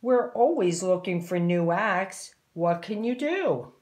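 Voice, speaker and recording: A no-nonsense circus ringmaster from a children's storybook, firm and matter-of-fact, read by a woman. He speaks slowly and plainly, giving orders and sizing up a newcomer. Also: medium pitch, animated, a little mellow. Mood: brisk. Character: brisk male circus ringmaster.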